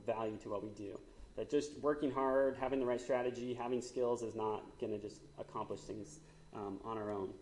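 A man's voice: lowish voice, darkish tone, roomy sound. A man, likely in his thirties, giving a conversational sermon with frequent fillers and asides, as the church's pastor.

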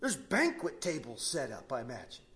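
A man preaching a sermon, telling a Bible story with animated, vivid storytelling, often breaking off and restarting mid-sentence. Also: medium pitch, moderate pace. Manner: animated storytelling, frequent self-interruptions.

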